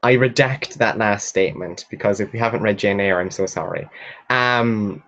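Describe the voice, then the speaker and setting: A man's voice: lowish voice, moderate pace, fairly bright tone, highs cut off. A young man hosting a book live stream, chatting casually and answering viewer comments, gushing and rambling with lots of fillers and the odd swear word. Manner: reads viewer comments aloud and answers them.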